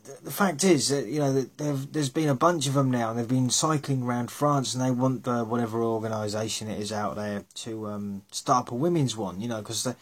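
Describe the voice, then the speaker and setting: A husky-voiced man holding forth in a casual rant, his tone grainy and slightly breathy. He talks bluntly and scornfully, leaning on sarcasm and the odd curse, sitting in an unremarkable middle pitch. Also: fairly quick, hardly any pauses.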